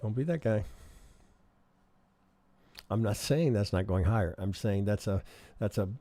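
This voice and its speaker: A man's voice: fairly low pitch, expressive, unhurried, dark tone. A man teaching trading on a live stream, reviewing charts in a chatty way and often asking "right?". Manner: conversational, keeps asking "right?", thinks aloud. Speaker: trading instructor.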